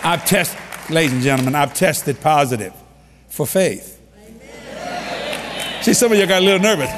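A man preaching a humorous storytelling sermon in a large hall, animated and repeating key lines for emphasis. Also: on the high side, moderate pace, pauses often, crowd noise, background noise. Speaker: preacher leading a ministry. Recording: long reverb of a large hall.

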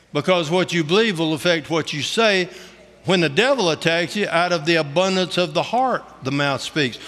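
A man's voice: high-pitched, pushed and bright. A middle-aged man giving a folksy, humorous testimony sermon, speaking colloquially with lots of "ain't" and "you know". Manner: colloquial Southern-style grammar, "ain't". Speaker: preacher. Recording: long hall reverb.

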